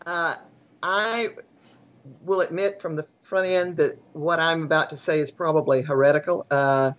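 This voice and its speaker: A woman's voice: low-pitched, steady tone. Thoughtful woman speaking wryly on a video call. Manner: thoughtful, measured, wry, with frequent hesitations. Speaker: guest author on religion. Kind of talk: casual conversational interview.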